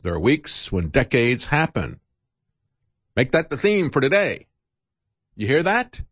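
An older male talk host rants with combative indignation, his pitch swinging widely as he hammers his points. The sound is dry and close, with no room around it. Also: no echo. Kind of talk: political talk monologue.

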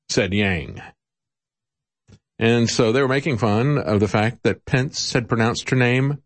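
A man's voice: mid-range voice, very animated, unhurried, pauses often. A man hosting political commentary, talking in a sarcastic, mocking way with chuckles and many "uh" fillers. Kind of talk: opinionated radio-style commentary.

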